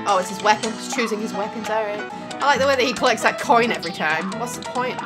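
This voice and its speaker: A woman's voice: medium pitch, quick pace. A woman reacting to gameplay footage in casual commentary, sarcastic and exasperated, swearing freely. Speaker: gaming YouTuber reacting to a video. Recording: music playing clearly behind.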